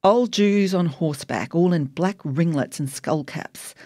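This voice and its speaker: A woman's voice: fairly low pitch, a little slow, dark tone, no echo, clean studio sound. A woman narrating her memoir in a wry, emotionally charged audiobook reading.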